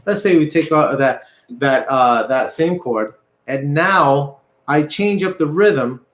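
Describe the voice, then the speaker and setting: A man's voice: a little high, slow pace, a bit bright, echoey room. A man teaching an online guitar lesson, patient and repetitive, counting beats aloud as he explains. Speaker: music teacher. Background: guitar playing.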